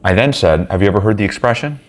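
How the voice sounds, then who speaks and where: A man's voice: on the low side, lively intonation, fast talker. A man leading a men's group, telling a personal story in a blunt, heated, profane way.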